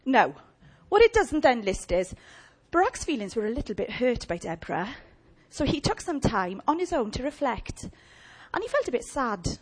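Lively woman preaching. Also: fairly high pitch, moderate pace, husky. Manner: animated, comic, mimicking. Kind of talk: storytelling sermon.

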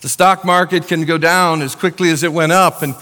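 A little fast and a little high, a pastor's sharp-toned voice comes across flat as he preaches earnestly and conversationally, with casual asides, to his congregation. Long hall reverb fills the recording.

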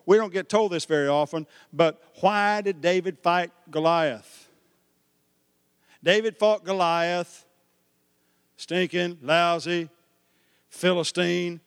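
Male preacher with a high voice, dramatic storytelling sermon delivery. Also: slow pace, pauses often, no room sound, studio quality, in a large hall. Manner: animated storytelling preacher, swings from hushed to shouting. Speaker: pastor.

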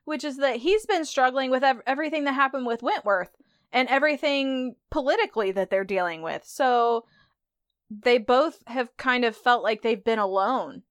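A woman hosts a podcast and talks through a TV episode in a chatty, conversational way. Her voice sits a little high and sounds smooth and clear. The recording is dry and close. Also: moderate pace, no echo. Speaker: podcast host. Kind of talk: casual TV episode recap.

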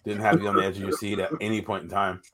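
A man's voice: lowish voice, little pitch movement, very fast, fairly bright tone. A man co-hosting a sports podcast, laid-back and teasing in casual chat. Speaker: podcast co-host.

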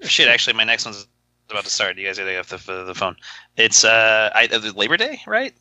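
A man's voice: lowish voice, expressive, brisk, bright, forceful tone, no room sound. A man co-hosting a podcast, chatting casually in a rambling, playful way. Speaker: podcast co-host. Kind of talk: casual chat.

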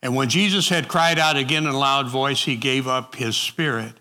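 A man leading a group Bible study, reading passages and talking them through in a halting, conversational way with frequent restarts. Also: medium pitch, fairly even intonation, sharp tone, long reverb tail.

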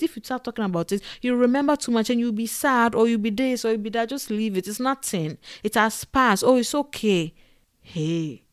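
An animated woman speaks straight to her viewers in a loose, chatty way. She wanders off track, fills gaps with "like" and "you know", and breaks into quick laughs. Her voice sits at a middle pitch and sounds close and dry. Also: clean tone, no room sound. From Africa. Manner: animated, digressive, laughs often, many fillers. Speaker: vlogger and podcaster. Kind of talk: casual talk to camera.

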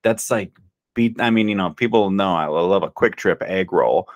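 A man's voice: low voice, normal speed, no room sound. A young man in a casual podcast chat, laid-back and enthusiastic, swearing freely as he tells stories. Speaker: podcast co-host.

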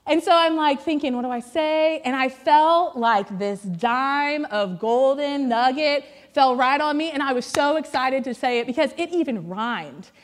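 A high-voiced pastor's wife preaches a humorous storytelling sermon on stage before a church congregation. She's animated and chatty, a little slow yet with few pauses, self-deprecating and full of "like" fillers.

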